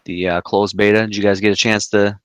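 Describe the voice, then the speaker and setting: Lowish guy on a gaming podcast, teasing his buddies, quick jabs, dry mic. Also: level tone, a bit bright, dry recording. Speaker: podcast co-host. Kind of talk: casual gaming podcast chat.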